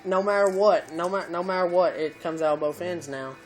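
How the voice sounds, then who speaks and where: A man vlogger telling a rambling, profane story in casual chat, filling it with "you know" and getting loud at times. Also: sits high, moderate pace, soft background music, rough recording.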